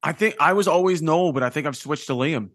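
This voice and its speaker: A young man hosts a podcast with a slightly raised, bright-sitting pitch. He rambles in an excitable, profane, easygoing way. The studio sound is close and dry. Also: brisk, dry recording. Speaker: podcast host. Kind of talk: casual chat.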